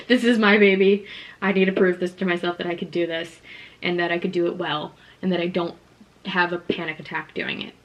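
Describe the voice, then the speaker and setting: A woman's voice: fairly low pitch, fairly even intonation, a little fast. A young woman vlogging casually to camera, chatty and emotionally open, saying "like" a lot.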